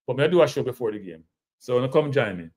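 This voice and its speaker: A man's voice: mid-range voice, expressive, quick pace, a little mellow. A man with a Jamaican accent hosting a casual football analysis show, repeating points emphatically and calling his viewers "people". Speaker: host of a live football show.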